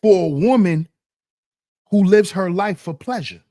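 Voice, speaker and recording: A man's voice: high voice, unhurried, mellow. A man hosting a commentary channel, talking in a casual, slang-heavy, emphatic way.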